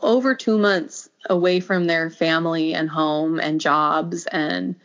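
A young adult woman telling a personal story in casual conversation, acting out quoted lines and laughing often. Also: takes it slowly. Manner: animated, acts out quoted lines with pitch jumps, laughs often. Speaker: podcast guest telling a birth story. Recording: dull lo-fi audio.

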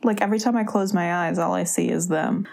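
A young adult woman co-hosting a podcast in casual chat, relaxed and agreeable, laughing often. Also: fairly low pitch, a little fast, vocal fry. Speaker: podcast co-host.

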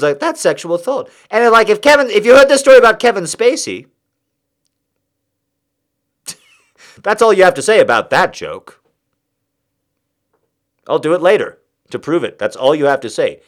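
A man hosting a podcast, delivering a rambling, confessional, self-mocking comic monologue. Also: on the high side.

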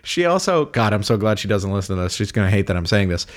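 A man with a somewhat low voice talks in a loose, rambling way. He fills his sentences with "like" and laughs often, as a podcast co-host in casual chat. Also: sing-song, fast talker.

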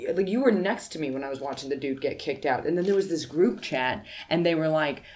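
A woman's voice: sits low, lively intonation, a little fast, a little mellow. Blunt, teasing woman comedian. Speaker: stand-up comedian. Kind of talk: casual podcast chat.

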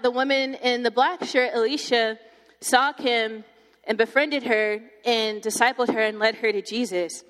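A woman's voice: on the high side, a little slow. Chatty young woman in an echoing hall. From Texas. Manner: chatty, animated storytelling with many fillers. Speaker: campus ministry speaker. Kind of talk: testimony talk to a group. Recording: long hall reverb.

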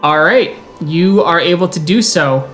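With a mid-pitched, slightly bright voice, a man acts as storyteller in a tabletop game, shifting between slow, descriptive narration and snappy rules calls while music plays faintly behind him.

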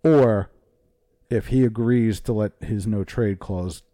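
A man's voice: lowish voice, slow pace, dark tone, no echo, studio quality. A man co-hosting a casual sports talk podcast, blunt and opinionated, swearing freely. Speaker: podcast co-host. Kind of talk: casual hockey chat.

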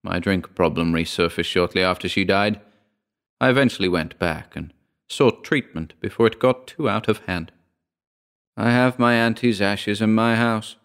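A man reading a first-person horror short story aloud in a measured, somber storytelling manner. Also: lowish voice, a bit bright, clean tone. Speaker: audiobook narrator. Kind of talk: scripted horror story narration.

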